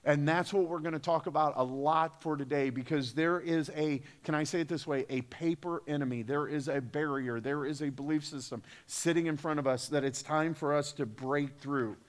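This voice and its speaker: A man's voice: on the high side, fairly even intonation, normal speed, hardly any pauses. A man preaching a sermon as pastor, emphatic, with rhetorical questions and repetition. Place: church sanctuary.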